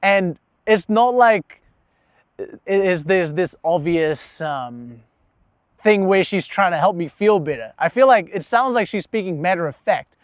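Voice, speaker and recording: A man's voice: high-pitched, animated, unhurried, clear, resonant tone, no room sound, lo-fi sound. A young man talking candidly about himself in a casual, profane vlog monologue, laughing at himself now and then. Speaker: vlogger.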